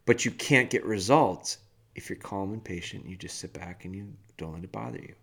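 A man hosting a dog-training podcast, delivering a blunt, animated rant in a casual way. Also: sits low, creaky, slightly rough. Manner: blunt, animated, firm and fast-talking. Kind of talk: casual ranting monologue.

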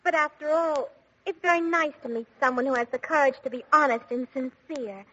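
Sweet earnest princess. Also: female voice, high voice, a little fast, sharp tone. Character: gentle admiring young princess. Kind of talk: 1940s radio acting. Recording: dull old radio broadcast.

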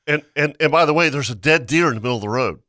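Upbeat guy, bright voice, keeps jumping in to back up the story, dry sound. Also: mid-range voice, expressive, no echo. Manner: chimes in with quick agreement and adds details. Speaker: fishing show co-host. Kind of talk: casual chat.

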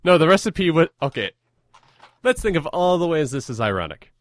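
A man's voice: on the high side, big pitch swings, moderate pace, dry recording. A young man hosting a podcast in casual, self-deprecating chat, rambling and often laughing. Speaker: podcast host.

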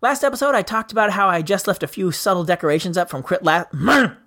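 Playful middle-aged podcast host, lively pitch. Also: male voice, fast talker, background noise. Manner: playful, goofy, stumbles over names. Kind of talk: jokey casual chat.

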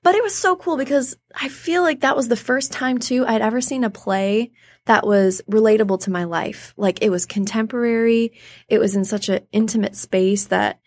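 A woman's voice: fairly high pitch, moderate pace, dry recording. A woman in her thirties, a theater artist, telling stories as an interview guest and acting out the voices she quotes. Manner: animated, acts out quoted voices. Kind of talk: casual interview storytelling.

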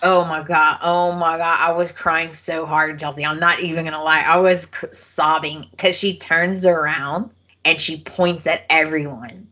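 Podcast host, female, low slow voice, vivid retelling with acted-out quotes. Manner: animated storytelling, acting out quotes. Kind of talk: casual chat.

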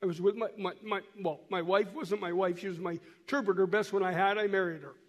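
A high-voiced man speaks to a church in a folksy storytelling way, stumbling over and repeating his words as he shows photos. He is hoarse from a cold. His voice carries a long echo through the church hall. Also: steady tone, quick pace, lo-fi sound. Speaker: missionary guest speaker. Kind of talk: storytelling talk to a church while showing photos.

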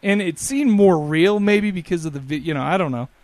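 A man hosting a podcast, chatting casually about a film, animated and joking with quick asides. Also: high voice, no room sound. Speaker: podcast host. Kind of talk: casual movie review chat.

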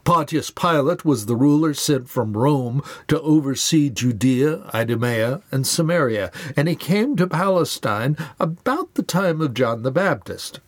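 A man's voice: a little high, expressive, unhurried, hardly any pauses, dry recording. A man retelling a Bible story in an earnest scripted way, raising his voice to act out quoted lines.

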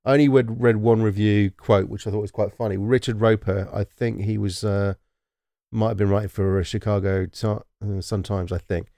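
A man's voice: fairly low pitch, steady tone, normal speed, warm tone, no room sound. A man who grew up in Britain, chatting casually as a podcast co-host, rambling through asides and laughing often. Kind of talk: casual chat.

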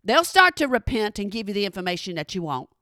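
A woman telling a funny personal story in an animated, exasperated way, talking straight to her listeners. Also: mid-range voice, quick pace, no room sound, studio quality. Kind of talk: comedic storytelling monologue.

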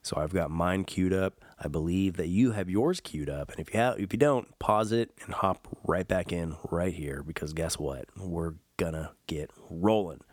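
A man's voice: low-pitched, moderate pace, hardly any pauses, no echo, clean studio sound. A man hosting a podcast in a casual, rambling way, full of fillers and self-mocking jokes. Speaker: podcast host. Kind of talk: casual solo podcast chat.

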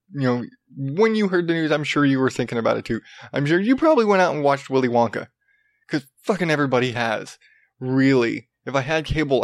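A young man talking alone into a podcast mic, loose and profane, tripping over restarts as he rambles. His voice sits at an ordinary middle pitch. The sound is dry and close, with no room around it. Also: dry recording. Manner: rambling, profane, self-interrupting with frequent restarts. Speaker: podcast host. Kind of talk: casual solo podcast monologue.

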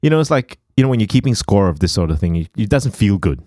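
A man co-hosting a podcast, talking in an animated, rambling way and laughing easily. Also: fairly low pitch, fast talker, no room sound, clean studio sound. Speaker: podcast co-host. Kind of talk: casual podcast chat.

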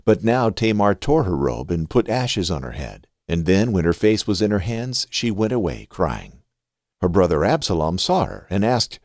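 A man hosting a podcast and reading scripture aloud in an expressive, scripted way. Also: sits low, moderate pace, dry recording, studio quality. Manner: expressive reading with a lively rise and fall.

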